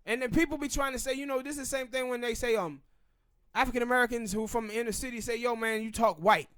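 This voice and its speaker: Man, Southern US accent, very high voice, dry close mic, emphatic rant. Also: fairly even intonation, a bit bright, clear, resonant tone, no room sound. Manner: emphatic, ranting, drawn-out pauses. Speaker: podcast host. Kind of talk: opinionated casual commentary.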